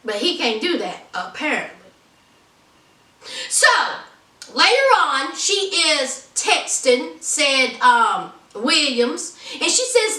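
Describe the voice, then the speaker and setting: A woman's voice: sits high, sing-song, slow pace, pushed and bright. A woman hosting a podcast, giving a sassy, chatty recap of a reality show and talking straight to her listeners. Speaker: podcast host. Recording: roomy, distant from mic.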